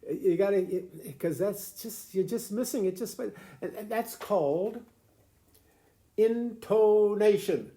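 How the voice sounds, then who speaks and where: A man's voice: high voice, moderate pace, hardly any pauses, dark tone. Older man giving a rambling fiddle lesson. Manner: rambling, folksy, stumbling restarts and chuckles. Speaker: grandfather teaching fiddle. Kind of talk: casual home video lesson.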